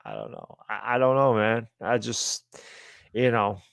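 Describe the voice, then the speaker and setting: A man's voice: fairly low pitch, wildly swooping pitch, measured pace, vocal fry, dry recording, clean studio sound. A man co-hosting a casual sports podcast, talking in an exasperated, rambling way. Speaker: podcast co-host.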